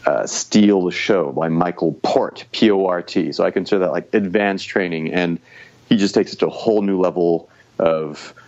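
A man as the guest expert in a podcast interview, explaining public speaking in an animated, coaching way. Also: sits low, normal speed, highs cut off. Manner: animated, coaching, uses quoted inner voices.

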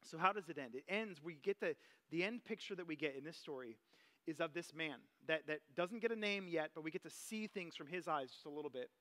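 Man, pastor, casual sermon, conversational, high voice. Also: a little fast. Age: adult parent. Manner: conversational, animated, personal anecdotes.

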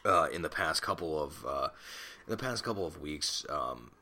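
A man's voice: very deep voice, expressive, moderate pace, sharp tone. A man in his twenties hosting a solo podcast on a desktop mic at home, rambling and self-conscious, swearing casually. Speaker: podcast host. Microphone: desktop USB mic.

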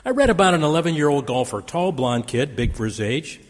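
A man's voice: on the high side, animated, a little fast, in a large hall. A man preaching a sermon, dramatic in delivery, quoting scripture with raised force. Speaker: pastor. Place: church sanctuary.

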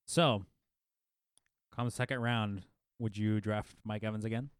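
A man's voice: fairly low pitch, fairly even intonation, measured pace, clear, resonant tone, no room sound, studio quality. A man co-hosting a casual podcast, chiming in with brief questions. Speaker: podcast co-host. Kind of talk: casual chat.

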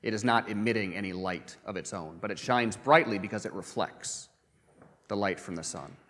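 A man preaching a sermon in a conversational way, often pausing with um and uh and repeating words as he goes. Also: on the low side, fairly bright tone, in a large hall. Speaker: pastor.

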